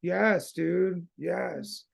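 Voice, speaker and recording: A man's voice: high voice, little pitch movement, drawn-out words, creaky, husky. A man hosting a podcast in casual conversation, laid-back and slangy, swearing freely. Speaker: podcast host.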